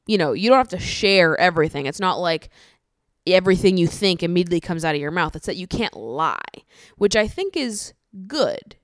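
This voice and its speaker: A woman hosting a solo podcast, chatting casually with lots of swearing, laughter and animated ranting. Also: on the low side, fairly quick, no room sound, clean studio sound. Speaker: podcast host.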